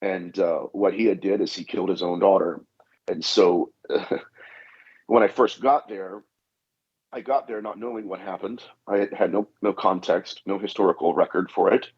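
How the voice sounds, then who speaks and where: Husky guy, kinda low voice, telling a long story on a podcast, lots of "i said", dull lo-fi sound. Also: steady tone, moderate pace, a little mellow. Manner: anecdotal, acts out dialogue, frequent "I said". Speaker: guest, demonologist. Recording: dull lo-fi audio.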